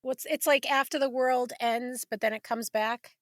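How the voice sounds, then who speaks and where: A woman hosting a podcast, chatting casually in a playful, excitable way. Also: a little high, normal speed. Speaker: podcast host.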